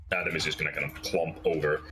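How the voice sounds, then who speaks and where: A man's voice: very deep voice, sharp tone, a little hiss or hum. A man, a player in a tabletop role-playing game, describing his character's actions in the third person.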